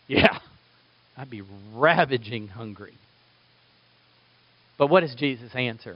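Male pastor, sermon, fairly high voice, dynamic emphasis, dull dry recording. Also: takes it slowly, long pauses, dry recording. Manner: animated, rising emphasis and sudden soft drops.

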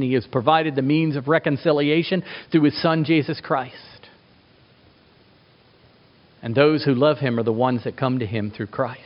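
A middle-aged man preaching a sermon as a pastor, emphatic, asking rhetorical questions and swinging his pitch for effect. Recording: dull lo-fi recording.

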